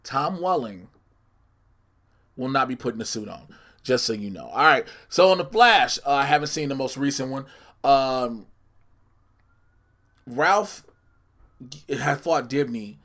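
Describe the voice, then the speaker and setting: A man's voice: mid-range voice, animated, measured pace, pauses often, fairly bright tone. A man hosting a solo podcast, chatting casually and in a scattered way. He often corrects himself and teases his listeners with spoilers. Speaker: podcast host.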